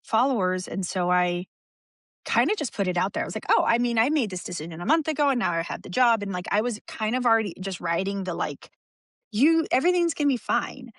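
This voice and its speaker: A woman speaking as a podcast guest in an open, emotional way, often restarting her sentences and laughing softly. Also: medium pitch, animated, fast talker, no echo, studio quality. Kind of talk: candid conversational interview.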